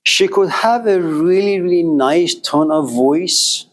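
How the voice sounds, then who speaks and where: Male lecturer, fairly high voice, measured delivery with rhetorical questions. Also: rough recording. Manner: deliberate, asks rhetorical questions and answers them. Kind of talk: classroom lecture.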